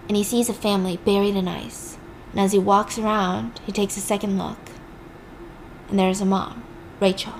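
A woman's voice: mid-range voice, creaky, slight background noise. A young woman casually recapping a film story with chatty, sarcastic asides.

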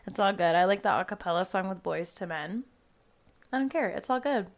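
Young female podcast host, gravelly, rambling, salty, talks from home. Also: medium pitch, normal speed. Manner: rambling, swears a lot, says "like" often. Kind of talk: casual chat.

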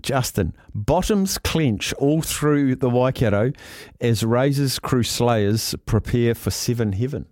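A man's voice: mid-range voice, a little mellow, no echo, clean studio sound. A man with a New Zealand accent hosting a sports talk radio show, chatting casually and joking as he reads out listener texts. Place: radio studio. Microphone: studio mic.

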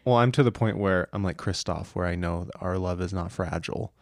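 Low-voiced young man chatting casually. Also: a little fast, no room sound, clean studio sound. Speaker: podcast co-host. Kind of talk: casual chat.

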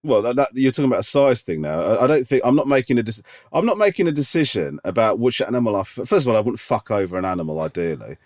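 A man bantering on a podcast, skeptical and quick with questions. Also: medium pitch, big pitch swings, darkish tone, no echo, studio quality. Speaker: podcast co-host. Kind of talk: casual banter.

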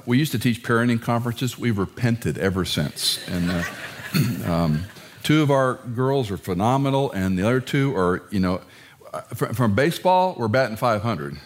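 Animated middle-aged male preacher. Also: lowish voice, normal speed. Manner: animated, self-deprecating humor, acts out quotes. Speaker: pastor. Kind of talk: sermon.

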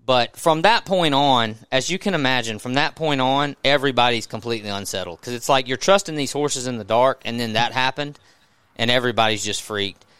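A man with a Southern US accent, a podcast host telling a story in a casual, animated way, often restarting his sentences. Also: mid-range voice, fairly quick, clean tone, dry recording.

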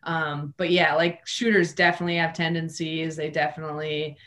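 A retired woman hockey player, a guest explaining her technique in a relaxed way with frequent fillers. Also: low-pitched, brisk. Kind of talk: casual interview answer.

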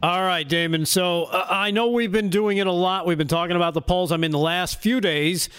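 A man with a high speaking voice delivers opinionated talk show commentary. He is sarcastic and keeps breaking into laughter at his own punchlines. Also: steady tone, fairly quick, over music. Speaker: segment contributor on a talk show.

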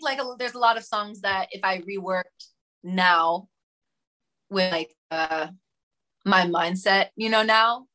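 A woman's voice: mid-range voice, pushed and bright. A young woman musician, a guest in a casual interview, talking chattily with lots of fillers and giggles.

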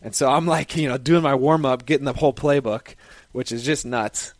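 A young man, a football player, tells a personal story in a casual, lively, conversational way. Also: medium pitch, normal speed, dry recording.

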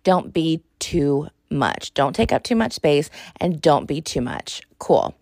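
A young adult woman hosting a podcast, talking in a sassy, exasperated, animated way. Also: deep voice, slow pace, creaky, no echo, clean studio sound. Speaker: podcast host. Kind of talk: casual monologue.

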